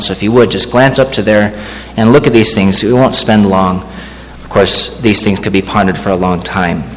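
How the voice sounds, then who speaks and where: A man preaching a sermon as pastor, measured and slowing down to read scripture aloud. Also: lowish voice, a bit bright, slight background noise. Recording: long hall reverb, faint ambience.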